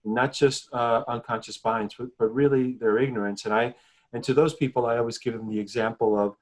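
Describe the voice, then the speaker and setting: This man, from the New York metro area, is a journalist guest on a video call panel. He has a medium-pitched voice with fairly even intonation, and his measured delivery often repeats words at the start of a point.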